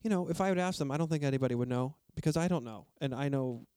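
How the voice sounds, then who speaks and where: A man's voice: mid-range voice, racing, mellow, smooth, no room sound, studio quality. An American man hosting a casual interview, joking at his own expense and asking plain questions. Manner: jokey, self-deprecating, asks plain questions. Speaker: podcast host.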